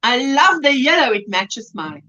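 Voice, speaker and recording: A South African woman hosts a casual crochet livestream, chatting as she works and laughing often while reading viewer comments aloud. Her voice sits a little high and sing-song, bright and forceful, at a moderate pace. The audio is lo-fi livestream sound.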